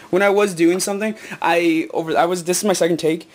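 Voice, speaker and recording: Breathless excited teenage boy. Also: high-pitched, fast talker. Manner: excited, rambling with many ums and self-corrections. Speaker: gaming video maker. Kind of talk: casual unboxing vlog.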